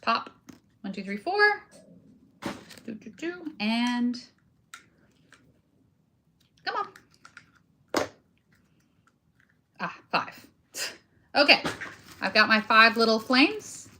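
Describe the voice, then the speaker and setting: Bright, chatty woman crafting on camera. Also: fairly high pitch, very animated, very slow, long pauses, a little hiss or hum. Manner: chatty, self-deprecating, talks while working with hands. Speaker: crafting video host. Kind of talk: casual crafting chat to viewers.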